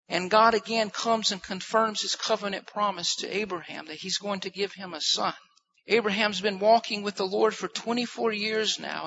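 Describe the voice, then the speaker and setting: High, gravelly male preacher, lo-fi. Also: bright, forceful tone. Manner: earnest, repeats phrases for emphasis. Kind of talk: sermon. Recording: muffled lo-fi recording.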